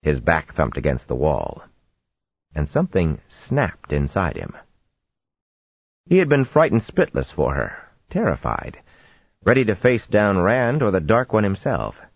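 Very deep, husky male narrator. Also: a little slow, no room sound, lo-fi sound. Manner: steady storytelling with expressive swings. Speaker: audiobook narrator. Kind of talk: fantasy audiobook narration.

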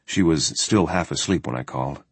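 A man reading a first-person journal story in a steady, matter-of-fact way. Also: very deep voice, brisk, breathy edge, dry recording. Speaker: audiobook narrator.

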